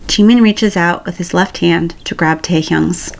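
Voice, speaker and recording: A woman reading a romance story aloud in a calm, even storytelling voice. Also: fairly low pitch, measured pace, creaky. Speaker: story reader. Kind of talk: reading fan fiction aloud.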